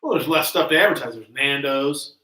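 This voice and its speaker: A man tossing out dry, wisecracking asides as co-host of a casual chat. His voice is bright and swings lively up and down, but he sits away from the mic in an echoey room. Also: medium pitch, a little fast, recorded from a distance. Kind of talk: casual watch-along chat.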